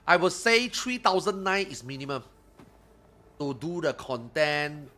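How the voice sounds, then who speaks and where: A man streaming games live, chatting casually and ranting with lots of swearing, getting loud when worked up. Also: a little high, expressive, unhurried. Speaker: gaming streamer.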